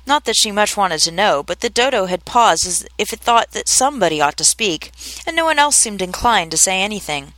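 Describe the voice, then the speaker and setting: A woman narrating a classic children's story in a measured, expressive reading. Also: mid-range voice, no echo.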